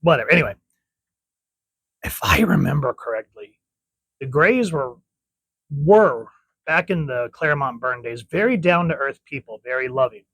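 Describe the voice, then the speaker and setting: A man's voice: medium pitch, expressive, moderate pace, pauses often, fairly bright tone, breathy edge, no room sound, poor audio. A man giving a casual comic book review, chatty and rambling, often correcting himself.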